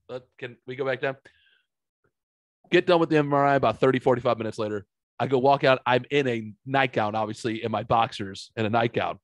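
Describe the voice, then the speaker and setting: A man's voice: mid-range voice, steady tone, brisk, no echo. A man hosting a podcast, telling a rambling story with lots of swearing and fillers. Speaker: podcast host. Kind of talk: casual storytelling chat.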